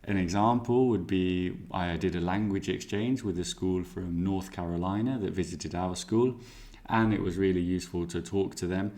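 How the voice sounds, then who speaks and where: A man teaching exam speaking skills, explaining clearly and giving worked example answers. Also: low voice, moderate pace, darkish tone.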